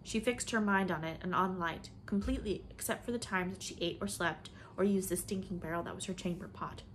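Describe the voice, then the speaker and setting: A woman narrating a storybook in a measured, expressive way, her voice pitched fairly low. A faint hiss sits under the recording. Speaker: audiobook reader.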